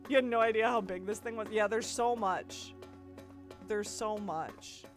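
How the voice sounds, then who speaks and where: A woman's voice: medium pitch, fairly even intonation, measured pace, faint music behind. A woman from the American Midwest doing live gameplay commentary as a streamer, musing aloud, giggling and chatting with viewers.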